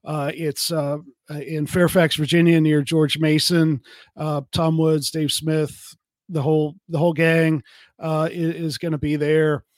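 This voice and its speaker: A male podcast host with a slightly high voice and a dry, close sound. He asks questions haltingly and piles on fillers. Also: flat delivery, no echo. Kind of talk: casual podcast interview.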